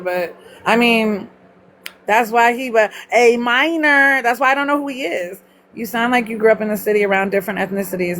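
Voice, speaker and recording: A middle-aged woman from Mississippi with a Southern accent, blunt and chatty, swearing freely as she talks to viewers live. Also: fairly high pitch. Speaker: livestream host. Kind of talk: casual live chat with viewers.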